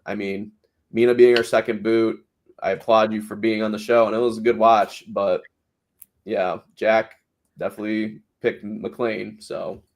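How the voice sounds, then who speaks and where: A man's voice: lowish voice, level tone, measured pace. Chatty man recapping a reality show. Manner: chatty, laughs often, filler words. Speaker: podcast host. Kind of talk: casual recap chat.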